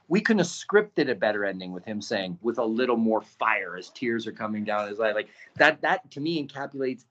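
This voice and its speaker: A man's voice: lowish voice, fairly quick, hardly any pauses. Chatty man telling a story, lo-fi sound. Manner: animated, acts out quotes, many "right?" tags. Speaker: podcast guest, documentary producer. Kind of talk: casual storytelling. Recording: dull lo-fi audio.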